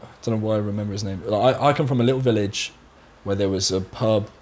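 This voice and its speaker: A man's voice: on the low side, a little mellow. A young man from Somerset with a light Somerset accent, chatting casually as a podcast guest and telling stories. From Somerset, England. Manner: chatty, storytelling, quick to laugh. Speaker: guest musician.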